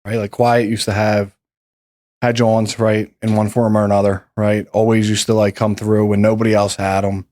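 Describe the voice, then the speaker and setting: A man's voice: on the low side, little pitch movement, normal speed, darkish tone. Laid-back swearing man telling a story. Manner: rambling, loose, swears freely. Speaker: podcast host. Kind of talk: casual storytelling chat.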